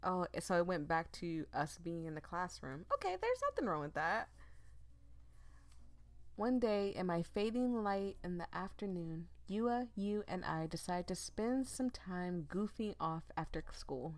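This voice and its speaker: A woman gaming streamer reading a visual novel aloud and commenting, emotive and immersed, with nervous laughs and rushed asides. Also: lowish voice, lively intonation, dry recording.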